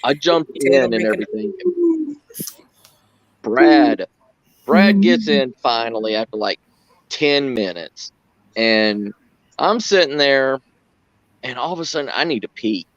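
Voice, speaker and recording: A man telling a story in a relaxed group chat, his voice leaping high whenever he acts out what someone said. He swears freely as he talks. The sound is dry and a little dull, with the lo-fi quality of a cheap mic. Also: slow, pauses often, no room sound. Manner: animated, acts out quoted lines with big pitch jumps, swears.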